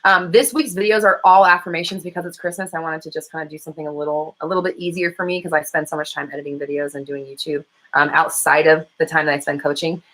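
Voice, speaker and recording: A bright-voiced woman with a low voice and fairly even intonation talks fast, describing herself that way, in a casual livestream chat with viewers. She's a law of attraction coach and host, chatty, heavy on "um"s and other fillers, with frequent swearing. The recording quality is low.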